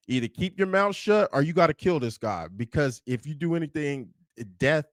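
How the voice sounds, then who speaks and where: A man from Kansas giving a casual, animated film commentary, swearing freely and acting out the lines he quotes. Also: fairly high pitch, no echo. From Kansas, USA. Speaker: movie review YouTuber.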